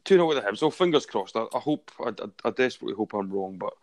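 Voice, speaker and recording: A man's voice: on the low side, expressive, fast. A young Scottish man co-hosting a casual football podcast, laid-back and self-deprecating, often restarting his sentences. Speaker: podcast co-host.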